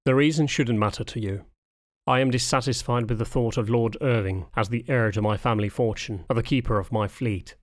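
A man's voice: medium pitch, no echo, studio quality, lightly acted. A man voicing an aloof old male spaniel lord who speaks curtly and dismissively, in an audiobook reading. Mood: cold, dismissive. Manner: curt, dismissive, unhurried.

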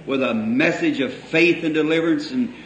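Folksy preacher in an echoey hall. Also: male voice, on the high side, a bit bright. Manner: folksy, drawn-out emphatic phrases, chuckling asides. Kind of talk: sermon storytelling. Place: church hall before a congregation. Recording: echoey old hall recording with faint hiss.

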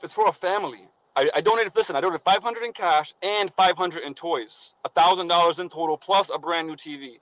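A man's voice: high-pitched, brisk, hardly any pauses, a bit bright, no room sound. A man calling in to a show from his parked car, defensive and repeating himself as he argues his case. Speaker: caller. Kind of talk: call-in argument. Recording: dull lo-fi call audio.

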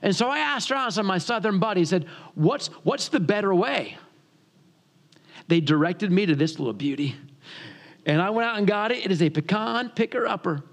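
Animated storytelling pastor, high-pitched man. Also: fast. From northern United States. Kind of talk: sermon.

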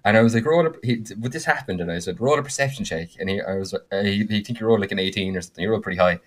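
A man, co-hosting a podcast and telling the story of a game he ran in an animated, filler-heavy way. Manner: animated, with frequent fillers and quick bursts of higher pitch. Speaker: podcast co-host and game master. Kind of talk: casual storytelling chat.

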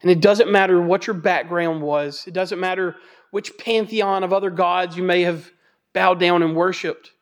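High-voiced joking Bible teacher, man. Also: steady tone, moderate pace. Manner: conversational and joking; emphatic repetition.

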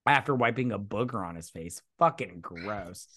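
A man co-hosting a casual movie review chat while drinking. He is excitable, retells the plot, acts out the lines and swears casually. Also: lowish voice, normal speed. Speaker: podcast co-host.

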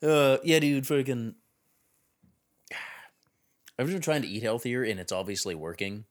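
A man co-hosting a podcast, chatting in a relaxed, matter-of-fact way. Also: medium pitch, measured pace. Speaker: podcast co-host. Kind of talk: casual podcast chat.

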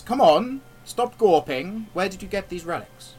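A man playing a stern male interrogator who speaks slowly and formally, with quiet menace. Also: sits high, expressive, breathy edge, pitched above the performer's own voice, exaggerated voice. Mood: menacing. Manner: slow, measured, formal menace.

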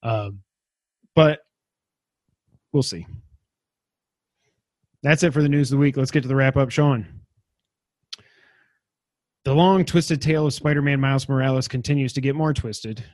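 A man's voice: medium pitch, a little slow, pauses often, darkish tone, no room sound. A man hosting a casual gaming news podcast, rambling and enthusiastic, poking fun at himself. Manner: enthusiastic, rambling, self-deprecating. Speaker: podcast host.

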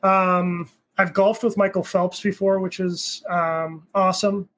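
A man's voice: sits high, level tone, unhurried, a bit bright, low-quality recording. A young man chatting as a podcast guest, his voice sitting a touch above the usual male range. He talks loosely and rambles, with plenty of fillers and the odd swear word. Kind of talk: casual chat.

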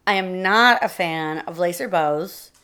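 A woman voicing an excited young bride, speaking eagerly and earnestly. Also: fairly low pitch, measured pace, smooth. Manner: eager, earnest, a bit pleading.

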